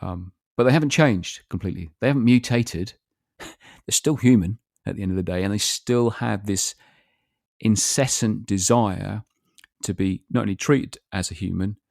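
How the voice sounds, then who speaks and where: A man's voice: sits low, fairly even intonation, normal speed, gravelly, a little mellow, no echo, studio quality. A man hosting a solo podcast, talking through his ideas in a reflective, rambling way. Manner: reflective, rambling, gives sales advice with example phrases. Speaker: podcast host.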